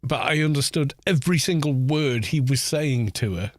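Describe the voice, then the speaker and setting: Animated and moderately paced, this British gaming streamer in his forties rambles and muses casually as he plays, often restarting his sentences. His voice is mid-range, with no room sound.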